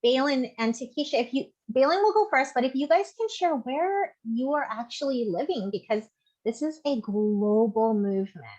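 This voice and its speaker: A woman's voice: high voice, expressive, normal speed, a little mellow, highs cut off. A woman hosting a casual video call chat, effusive as she welcomes guests. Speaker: host.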